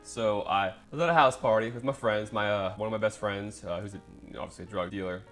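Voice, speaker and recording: Fast-talking young man, lower voice. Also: a bit bright, faint music behind. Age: young adult. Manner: rapid talker, many ums and uhs. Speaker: podcast guest. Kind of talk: casual chat.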